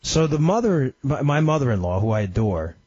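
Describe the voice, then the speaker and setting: In an impassioned talk radio monologue, a slightly ill-sounding male host tells a story emphatically, his pitch swinging suddenly. He speaks briskly in a sing-song, a little mellow, slightly rough voice. Recorded on a studio microphone, the radio studio audio is dry and slightly dull, with no echo.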